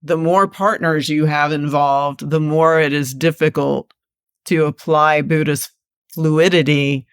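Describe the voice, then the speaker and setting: A woman's voice: low voice, steady tone, unhurried, clean tone, dry recording, studio quality. A woman in a casual podcast conversation, thinking aloud in a reflective way with frequent fillers.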